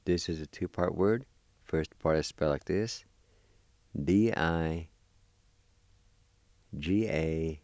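A man with a very low, dark voice teaches vocabulary at an unhurried, careful pace. He spells each word letter by letter and repeats it. The sound is dry and close, with no room around it. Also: no echo. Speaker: language teacher. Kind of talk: slow spelling and pronunciation lesson.

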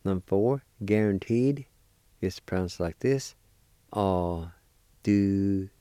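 A man giving a weekly language lesson, deliberately spelling out and pronouncing words syllable by syllable. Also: fairly low pitch, mellow, no room sound. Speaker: language teacher.

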